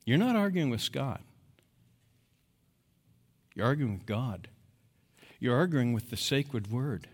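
A man preaching a sermon as pastor, emphatic, moving between quiet, low passages and loud, rising exhortation. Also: expressive, slow pace, pauses often, slightly rough. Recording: long hall reverb.

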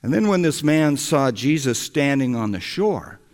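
A male preacher telling a story in a sermon, unhurried, with a voice that rises and falls freely. The sound rings with the long reverb of a large hall. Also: medium pitch, big pitch swings. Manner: slow, storytelling delivery. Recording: echoey hall.

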